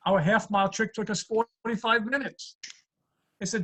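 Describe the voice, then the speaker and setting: A man doing a stand-up routine over a video call, delivering deadpan one-liners. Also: high-pitched, normal speed, poor audio. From USA. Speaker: stand-up comedian. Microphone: computer mic on a video call.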